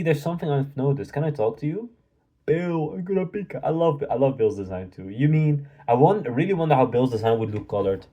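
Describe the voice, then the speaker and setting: Male reaction host, mellow tone, excitable slangy delivery, dull lo-fi recording. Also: fairly high pitch. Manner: excitable, slangy, reads manga lines aloud. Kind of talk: live manga reading reaction.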